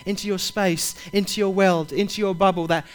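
High-voiced impassioned male preacher. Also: fairly even intonation, brisk, smooth. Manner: impassioned, repetitive, urges listeners directly. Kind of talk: sermon.

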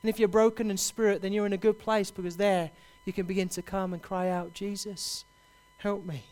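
A man preaching a sermon, building to loud, impassioned repeated cries. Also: high-pitched, flat delivery, fast, smooth.

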